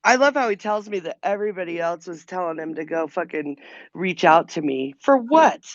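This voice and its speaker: A woman with a gravelly, fry-laden voice vents bluntly and defiantly, swearing freely as a guest on a live stream. Her audio sounds dull and lo-fi, close and dry with no room sound. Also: fairly low pitch, brisk, no echo. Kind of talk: casual venting chat.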